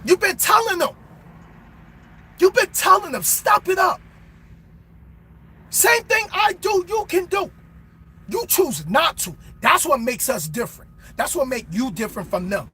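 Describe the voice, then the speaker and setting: Man, very high voice, sharp bright tone, motivational pep talk, preachy shouting, truck cab, faint engine hum. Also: lively intonation, normal speed.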